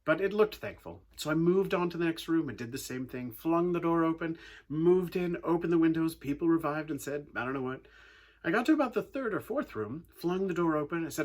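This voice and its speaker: A man giving a youth talk, telling a funny story with lively acted-out quotes before turning to a message. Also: on the high side, brisk, husky. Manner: animated storyteller, acting out quotes. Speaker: youth speaker.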